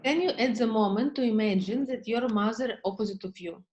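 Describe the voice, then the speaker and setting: A woman therapist coaching a client in slow, halting English with many fillers. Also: on the high side, a little mellow, dull audio, a little hiss or hum. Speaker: therapist leading a session.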